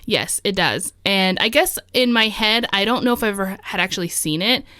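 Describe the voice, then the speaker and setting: A woman's voice: medium pitch, lively intonation, moderate pace, pushed and bright, no room sound, studio quality. A woman hosting a podcast, chatting casually and laughing often as she tells ghost stories. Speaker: podcast host.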